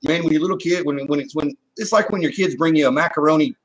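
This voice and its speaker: A man's voice: a little high, very fast, rough recording. A man co-hosting a casual talk show, speaking bluntly and heatedly, swearing and repeating "you know what I mean". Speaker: co-host. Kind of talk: casual chat.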